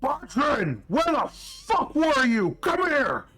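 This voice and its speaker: A man's voice: on the high side, expressive, unhurried, pushed and bright, clear, resonant tone, faint music behind, heavily acted. A man voicing a grizzled, scarred old dwarf chef who bellows curses and insults at his kitchen staff. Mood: raging.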